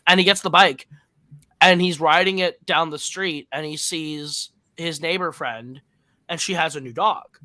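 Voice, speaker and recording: A man's voice: fairly high pitch, moderate pace, pushed and bright, dry recording. A man co-hosting a film podcast, retelling a movie's plot in a rambling way, correcting himself often and using lots of fillers. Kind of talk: casual plot recap and review.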